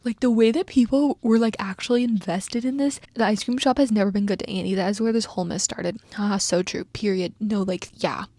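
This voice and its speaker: A woman's voice: medium pitch, steady tone, brisk, few pauses, mellow, dry recording. A young woman casually reading aloud her old fanfiction and reacting with sarcastic, giggly commentary, dropping into whispers and squealing at times.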